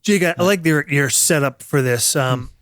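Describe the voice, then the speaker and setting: A man with a fairly high voice narrates a tabletop game as game master, loose and unhurried and full of small pauses. The recording is dry and close. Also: clean tone, no room sound. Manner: relaxed, hesitant with fillers.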